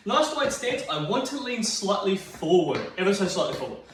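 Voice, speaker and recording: A man's voice: high-pitched, sing-song, moderate pace, slight background noise. An Australian man leading a seated exercise class, upbeat and encouraging, counting reps aloud and getting out of breath. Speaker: fitness instructor. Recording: very echoey room, mic far off.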